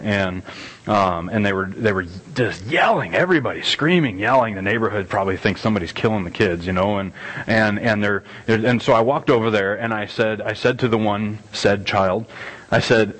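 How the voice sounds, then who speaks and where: Rambling dad preaching in echoey hall. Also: male voice, lowish voice, a bit bright. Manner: rambling, self-deprecating, with many restarts and acted-out quotes. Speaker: pastor. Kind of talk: conversational sermon. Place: church hall. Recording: long reverb of a church hall.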